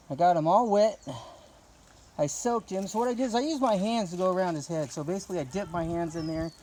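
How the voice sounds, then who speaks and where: A man's voice: high-pitched, a little mellow, slight background noise. Joking man narrating a dog wash. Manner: joking, rambling, talks to viewers. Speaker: dog owner demonstrating. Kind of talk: casual how-to commentary. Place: outdoors at night, washing a dog with a hose. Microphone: phone camera held by another person. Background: running water.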